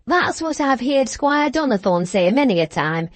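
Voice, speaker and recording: A woman's voice: high voice, very animated, moderate pace, dry recording, pitched above the performer's own voice. Woman voicing a wheezy mincing innkeeper guy, super deferential, sir this sir that, dry audiobook sound. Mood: chatty. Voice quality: treble, wheezy voice with a mincing accent. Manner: deferential, chatty, says "sir" often. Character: pompous plump male village innkeeper.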